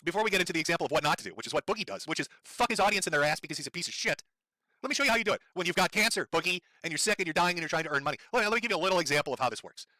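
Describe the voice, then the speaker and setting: A man with a high, sharp, cutting voice, ranting fast and furiously on a live stream. His delivery is profane and sarcastic, swinging wildly up and down in pitch, and his throat sounds strained from yelling. The sound is dry and close. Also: animated, no echo.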